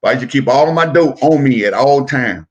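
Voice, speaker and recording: A middle-aged former wrestler telling stories in a casual interview, profane and animated, acting out the voices of the people in them. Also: male voice, medium pitch, fairly quick, highs cut off. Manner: profane, animated storyteller who acts out quotes.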